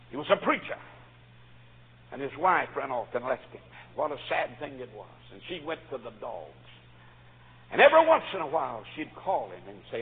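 A man preaching a sermon, fervent and swinging between quiet storytelling and shouts. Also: a little high, sing-song, normal speed, breathy edge. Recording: phone-like audio with long hall reverb.

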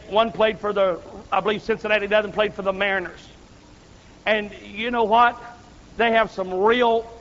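A man preaching a revival sermon under a tent, telling stories with fervor and building to loud peaks. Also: high voice, long reverb tail, lo-fi sound, slight background noise. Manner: impassioned storytelling preacher, rising to loud peaks.

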